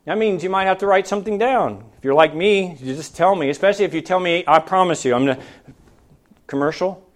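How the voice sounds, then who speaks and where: A man preaches to his congregation with a notably high voice, pressing them with question after question. He climbs to loud, emphatic peaks and then sinks to soft, low asides. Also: quick pace. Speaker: pastor. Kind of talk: sermon. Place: church.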